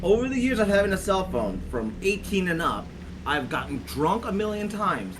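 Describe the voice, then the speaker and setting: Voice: mid-range voice, very animated, normal speed. A gamer ranting animatedly in casual chat over gameplay, swearing a lot. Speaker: gameplay commentator. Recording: noisy recording.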